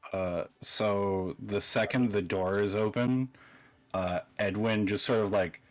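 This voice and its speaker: A man's voice: fairly low pitch, steady tone, slow pace, soft background music. A man describing his character in a tabletop game, rambling with lots of filler words. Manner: rambling, full of "like". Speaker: tabletop player.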